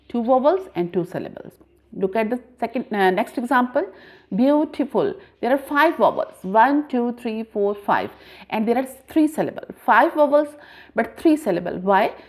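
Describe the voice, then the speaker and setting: A woman teaching a grammar lesson, explaining slowly and repeating points, with frequent pauses. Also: a little high, darkish tone. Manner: slow, deliberate, repeats points with many "uh" pauses. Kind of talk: classroom lesson explaining syllables.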